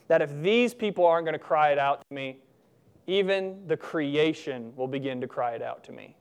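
Conversational preacher man with a smooth voice. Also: on the high side, a little fast. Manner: conversational, digressive, humorous asides. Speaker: pastor. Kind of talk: sermon.

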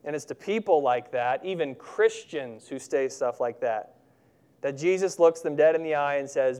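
A man preaching a sermon, earnest and emphatic, slowing down to stress key words. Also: fairly high pitch, darkish tone, clean tone.

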